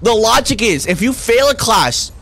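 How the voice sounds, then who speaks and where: A man's voice: very high-pitched, sing-song, moderate pace, a bit bright. Slangy, irritated young man ranting. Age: young adult. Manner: irritated, profane, slangy with "bro" and "man", stumbling restarts. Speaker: college student gamer. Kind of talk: ranting commentary over gameplay.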